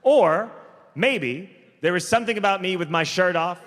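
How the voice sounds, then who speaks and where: A man performing a stand-up comedy set on stage, telling stories deliberately and drawn out, with quick asides. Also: high voice, fairly bright tone. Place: large theater stage. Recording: live comedy hall with long reverb, faint crowd noise.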